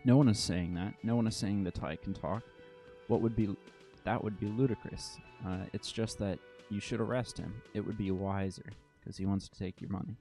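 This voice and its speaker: A man's voice: on the low side, steady tone, normal speed, dark tone, soft background music, close to an everyday voice. A man reading the part of a scheming, pushy talking necktie that wheedles and insists. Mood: wheedling.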